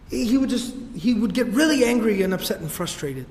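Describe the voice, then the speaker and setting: A man's voice: very high voice, expressive, fast talker, a little mellow. A man teaching a religious history class in a casual storytelling way, with slangy asides. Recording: echoey hall reverb.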